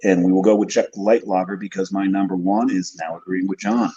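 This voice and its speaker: Man, low and mellow, easygoing co-host, lo-fi remote line. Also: little pitch movement, fairly quick, husky. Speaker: podcast co-host. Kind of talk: casual chat over beers. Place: remote call from another state.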